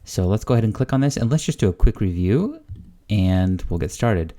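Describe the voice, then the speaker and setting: Young male host, deep and mellow, easygoing screen-share tutorial delivery. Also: brisk. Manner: relaxed and chatty, thinking aloud with frequent "uh". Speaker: language-learning channel host. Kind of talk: casual screen-recorded tutorial.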